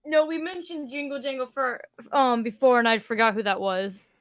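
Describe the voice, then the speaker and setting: Chatty high-voiced woman at a game table. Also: moderate pace, no room sound. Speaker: player. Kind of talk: casual tabletop game chat.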